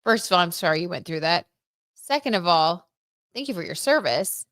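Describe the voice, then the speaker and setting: A woman's voice: lowish voice, animated, moderate pace, fairly bright tone, no echo, studio quality. Chatty, gushing young woman reading tarot. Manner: chatty, gushing, many "like"s and "oh my God"s; reads out viewer comments. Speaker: tarot livestream host. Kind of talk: casual livestream chat with tarot reading.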